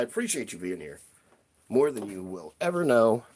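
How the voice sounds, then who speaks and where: A man's voice: mid-range voice, very animated, normal speed, darkish tone. A man hosting a casual live stream, chatting playfully with his viewers while he cleans a shelf at home. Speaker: livestream host. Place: room at home by a toy shelf.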